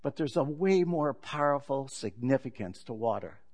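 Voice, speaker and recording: A male pastor preaching a sermon in a relaxed, conversational storytelling manner, opening with a joke. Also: mid-range voice, moderate pace.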